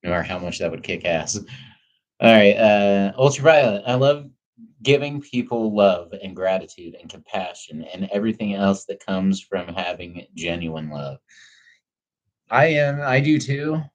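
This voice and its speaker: This man's fairly low voice has lively intonation and a slightly slow pace, and the sound is lo-fi. He's at home on a livestream answering chat, speaking candidly and reflectively, rambling some and swearing heavily.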